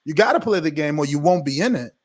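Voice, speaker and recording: Casting: American man, high-pitched voice, emphatic, persuasive guest in casual chat. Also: animated, fast talker. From United States. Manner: emphatic, persuasive, rhetorical questions. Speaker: boxing podcast host, guest.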